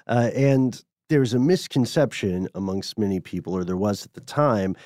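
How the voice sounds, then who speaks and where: A man with a fairly low voice co-hosts a casual podcast, explaining points in a measured, steady way. The sound is dry and close to the mic. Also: dry recording. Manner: measured, explanatory, steers the topic. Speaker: podcast co-host. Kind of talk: casual chat.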